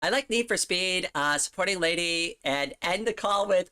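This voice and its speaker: Woman streamer, casual chat, slightly low voice, rambling and giggly, home desk mic. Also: animated, moderate pace, bright, forceful tone. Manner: rambling, lots of "like", giggles often.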